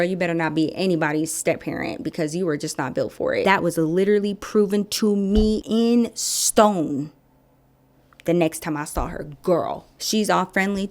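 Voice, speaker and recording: A woman vlogger telling a story in a casual, sassy, animated way, acting out the dialogue. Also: on the low side.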